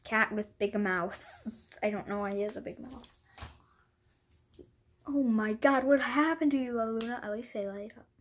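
Husky-voiced woman, rambling and apologetic. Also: a little high, normal speed. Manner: rambling, apologetic, self-deprecating; drops into whispers at times. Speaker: vlogger. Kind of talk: casual show-and-tell vlog.

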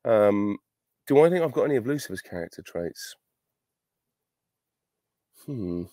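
A man's voice: on the low side, very animated, measured pace, mellow, no room sound, studio quality. A middle-aged man, an actor, answering fan questions on a virtual panel, chatty and self-deprecating, thinking aloud as he goes.

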